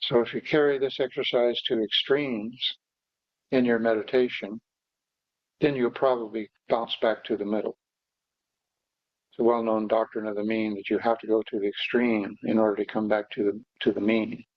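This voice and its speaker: A man teaching meditation, guiding breathing exercises slowly and haltingly, with pauses and fillers. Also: fairly low pitch, level tone, no room sound. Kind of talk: guided breathing instruction. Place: meditation hall. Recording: dull, dry lo-fi recording.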